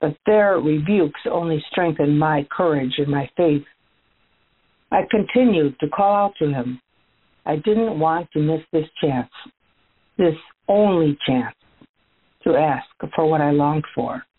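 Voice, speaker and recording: Earnest, grateful former blind beggar man, as a woman tells it in a low, husky voice, recorded over a tinny phone-like line. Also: a little slow. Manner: earnest storytelling, addresses listeners directly. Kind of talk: first-person dramatic monologue.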